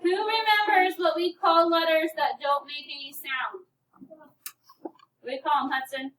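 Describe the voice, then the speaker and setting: Her voice sits high with fairly even intonation, a moderate pace, and a fairly bright tone. She's an elementary school teacher patiently running a phonics lesson and calling on students by name, heard from far off in an echoey classroom.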